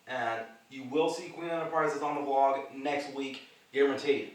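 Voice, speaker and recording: A man's voice: medium pitch, steady tone, measured pace. A man hosting his own podcast, chatting casually and rambling about wrestling, laughing easily along the way. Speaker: podcast host. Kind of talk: casual solo wrestling chat. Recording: echoey room, distant mic.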